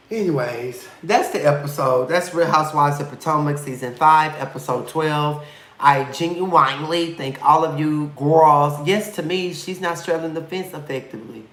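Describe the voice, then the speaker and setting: A man's voice: fairly high pitch, normal speed, fairly bright tone, echoey room. A man hosting a live reality TV review stream, chatting casually with viewers in a sassy, campy way, with lots of swearing and affection.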